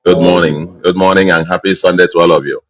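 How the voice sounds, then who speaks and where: A middle-aged man with a Nigerian accent giving an emphatic, measured victory speech as governor, with frequent fillers. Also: sits low, steady tone, no echo, low-quality recording. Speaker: state governor.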